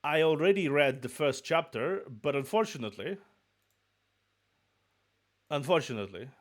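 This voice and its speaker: A man's voice: on the high side, expressive, moderate pace. Man, slight Russian accent, a little sick, rambling casual stream chat, muttered asides, restarts. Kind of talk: casual chat before a book reading.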